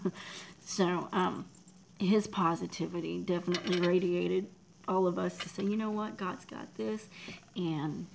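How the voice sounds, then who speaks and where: A woman, chatting casually on a livestream, emotional and soft, often dropping to a near whisper as she thanks viewers in chat. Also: lowish voice, gravelly, slight background noise, low-quality recording. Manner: emotional, talks softly, drops to near whispers. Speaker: livestream host.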